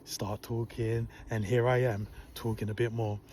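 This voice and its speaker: A man telling a personal story in a casual, soft and humble tone, calm and unhurried. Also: fairly low pitch, slight background noise. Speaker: vlogger recounting a work story.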